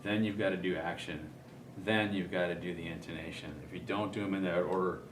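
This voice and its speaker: Man, very deep voice, casual instructional talk, thinks aloud; roomy, noisy recording. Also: brisk. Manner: relaxed, thinking aloud with many ums. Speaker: guitar player explaining setup. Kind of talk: casual demonstration.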